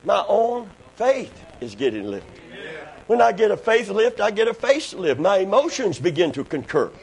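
A man preaching a fervent sermon, breaking into shouted bursts and hallelujahs. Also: high-pitched, big pitch swings, moderate pace, creaky. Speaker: pastor.

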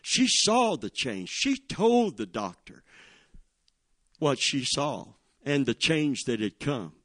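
A man's voice: mid-range voice, huge pitch swings, slow, fairly bright tone, no echo, clean studio sound. A middle-aged man preaching a sermon, telling a story and calling to the congregation for amens. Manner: preaching storytelling with call-and-response. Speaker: pastor.

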